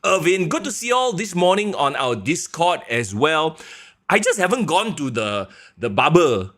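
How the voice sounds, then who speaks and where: A man co-hosting a podcast in casual chat, playful and quick to laugh. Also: on the high side. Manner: animated and playful, laughs often, sweeps his voice up and down. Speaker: podcast co-host.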